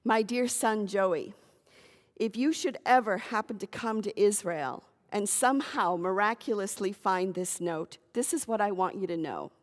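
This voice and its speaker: A woman's voice: medium pitch, measured pace, close to an everyday voice. A woman reading as a tender old father. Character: grieving older Jewish father, pleading, loving. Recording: long hall reverb.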